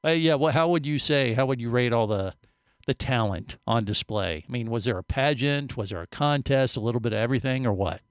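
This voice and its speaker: A man's voice: medium pitch, animated, fairly quick, smooth, no room sound. A man hosting a radio talk show in a studio, joking around and rambling with lots of fillers. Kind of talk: casual radio chat.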